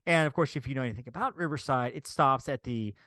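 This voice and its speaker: A man's voice: medium pitch, fast, no room sound. A man co-hosting a podcast, telling a story in casual chat and acting out what he and others said. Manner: animated storytelling, acts out his own quotes. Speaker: podcast co-host.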